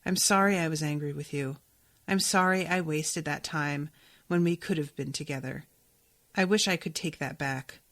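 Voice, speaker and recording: A woman's voice: low-pitched, normal speed, no room sound. A woman reading as a tender, dying older woman. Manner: soft, reading aloud from a novel. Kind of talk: reading a novel aloud.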